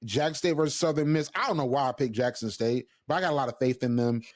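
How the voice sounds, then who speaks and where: A man's voice: mid-range voice, fast. A man co-hosting a sports podcast, talking casually and emphatically with frequent restarts and asides. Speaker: podcast co-host.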